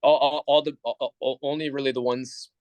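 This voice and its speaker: A man's voice: mid-range voice, flat delivery, brisk, a little mellow, no echo. A man being coached on a video call, answering hesitantly with stammering restarts. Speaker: group member being coached. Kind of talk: casual conversation on a video call.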